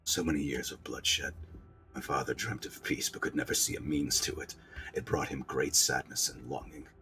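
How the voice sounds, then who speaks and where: A man voicing a wounded, bitter young prince in a video game, speaking low and hushed. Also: fairly even intonation, normal speed, slight background noise, heavily acted.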